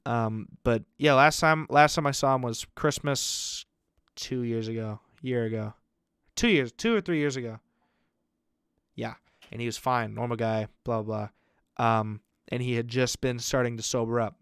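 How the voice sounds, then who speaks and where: A young man chatting on a podcast with friends, spinning a long family story. He rambles with fillers and casual swearing. His voice sits at a mid pitch, recorded close and dry. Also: smooth, no room sound. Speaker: podcast co-host. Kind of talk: casual chat.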